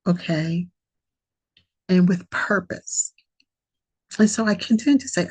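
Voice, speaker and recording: A woman's voice: lowish voice, expressive, a little mellow, dry recording, low-quality recording. A woman hosting a podcast, sharing a reflective spiritual monologue in an earnest way that repeats and dwells on key phrases. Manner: slow, gravelly, breathy voice. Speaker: podcast host.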